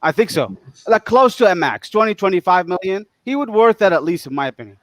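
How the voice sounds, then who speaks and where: A man with a high voice who talks fast, sharing his opinions on a casual basketball podcast. His voice sounds dry and close, with no room echo. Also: sing-song. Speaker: podcast co-host. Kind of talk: casual sports talk.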